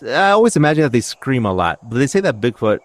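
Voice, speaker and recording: A man's voice: mid-range voice, big pitch swings, quick pace, no echo. A man co-hosting a podcast in casual conversation, rambling and joking, often restarting his sentences. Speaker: podcast co-host.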